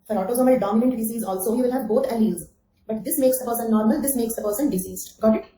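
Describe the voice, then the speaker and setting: A woman's voice: a little high, fast, warm tone, roomy sound, rough recording. A woman giving an online exam-coaching lecture, repeating key phrases, checking with "okay?" and calling on students by name. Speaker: anthropology teacher.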